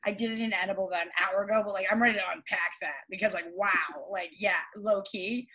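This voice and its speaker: A woman co-hosting a podcast, excitable and jokey with quick quips. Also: medium pitch, slightly rough. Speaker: podcast co-host. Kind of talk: casual podcast chat.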